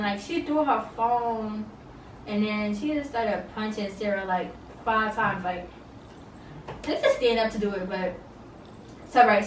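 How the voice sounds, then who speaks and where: A woman's voice: on the high side, fairly bright tone, slight background noise. Blunt, chatty young woman in a roomy space. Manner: chatty, blunt, opinionated, filler-heavy. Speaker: reality TV reviewer. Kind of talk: casual recap chat. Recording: roomy, mic at a distance, faint ambience.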